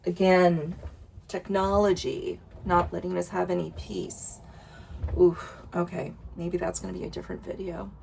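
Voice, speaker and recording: A woman reading oracle cards aloud in a casual vlog, slow and emotional, sighing and interrupting herself. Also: on the low side, little pitch movement, vocal fry, darkish tone, slight background noise. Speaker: oracle card reader. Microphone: wireless earbuds.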